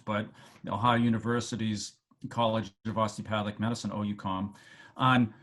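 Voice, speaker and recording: A man with a Boston accent giving a halting speech over a video call to alumni, with many fillers and restarts. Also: mid-range voice, fairly bright tone. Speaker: medical school dean addressing alumni.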